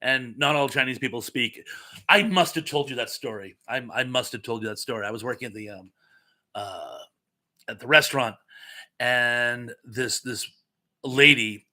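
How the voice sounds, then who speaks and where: A man hosting a casual live-stream chat, running trivia and telling animated, self-mocking stories. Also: medium pitch, normal speed. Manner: animated, chatty storyteller with self-mocking asides.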